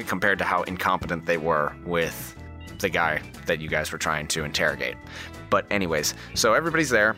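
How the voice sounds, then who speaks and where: A man's voice: low voice, bright, forceful tone. A man narrating as game master of a tabletop game, rambling with fillers.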